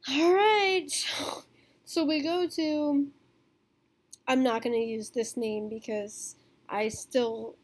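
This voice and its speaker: High-voiced young woman rambling slowly. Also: steady tone, darkish tone. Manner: rambling, filler-heavy, swears and laughs often. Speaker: vlogger. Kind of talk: casual storytime vlog.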